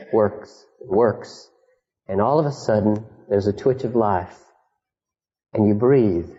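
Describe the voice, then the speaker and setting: Impassioned preacher in a reverberant hall. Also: male voice. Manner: impassioned, rising to high emphatic peaks and dropping to hushed storytelling. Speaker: pastor. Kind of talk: sermon. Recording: dull archival sermon recording in a reverberant hall.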